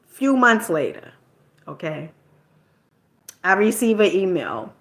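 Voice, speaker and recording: A woman's voice: medium pitch, big pitch swings, moderate pace, long pauses, bright, forceful tone. A middle-aged woman from New Jersey telling a personal story in a casual, colloquial way, tossing in "okay?" and mild swearing.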